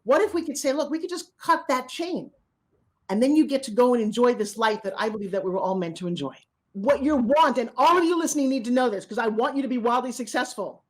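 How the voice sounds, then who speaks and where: Animated woman giving a motivational talk. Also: fairly high pitch, fast. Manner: animated, acts out little dialogues; direct, urgent address to listeners. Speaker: motivational speaker.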